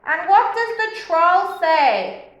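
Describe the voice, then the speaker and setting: A woman kindergarten teacher telling a story in an online lesson, slow and sing-song, asking a young child questions. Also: very high-pitched, lively intonation, fairly bright tone, lo-fi sound. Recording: very echoey room.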